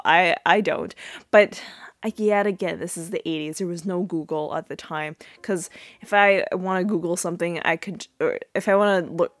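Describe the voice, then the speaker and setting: A woman's voice: lowish voice, dry recording. A young woman hosting a podcast who recaps a TV episode in a casual, rambling way, full of fillers and asides. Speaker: podcast host.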